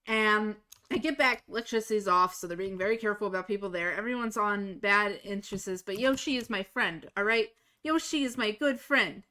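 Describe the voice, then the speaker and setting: A woman's voice: mid-range voice, moderate pace, pushed and bright. A woman streaming a game live, telling stories in casual chat, blunt and swearing freely. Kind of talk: casual chat while gaming.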